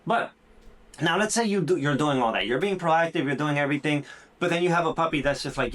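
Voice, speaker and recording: A man hosting a casual podcast on dog training, with a voice a little higher than most men's. He explains things in an animated, conversational way, says "dude" a lot, and slips into quick acted lines for puppies and owners. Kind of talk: casual instructional podcast talk.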